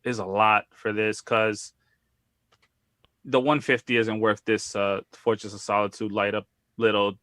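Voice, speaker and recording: A man co-hosting a live toy collecting podcast, talking in an excitable, rambling way with frequent laughs and dry sarcasm. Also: lowish voice, a little slow, no echo. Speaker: co-host of a toy collecting show. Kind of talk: casual live podcast chat.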